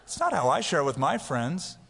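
A man preaching a conversational expository sermon as pastor, animated and casual, sometimes acting out loud prayers for effect. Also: fairly high pitch, normal speed, vocal fry, slightly rough, long reverb tail.

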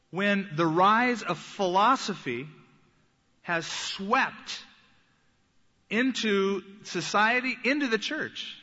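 A man preaching a teaching sermon in an earnest tone, slowing down for scripture quotes. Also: sits high, pushed and bright, long reverb tail, lo-fi sound. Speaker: pastor.

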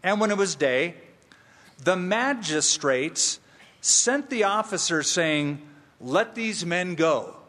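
A man preaching an expository sermon, emphatic and slow, with playful asides. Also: sits high, animated, fairly bright tone, in a large hall. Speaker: pastor.

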